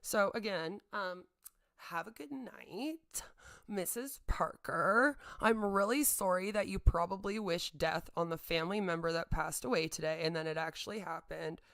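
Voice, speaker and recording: Gravelly-voiced woman ranting sarcastically. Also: lowish voice, fairly even intonation, normal speed, hardly any pauses. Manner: heated, sarcastic, repetitive. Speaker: streamer and channel host. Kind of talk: livestream rant.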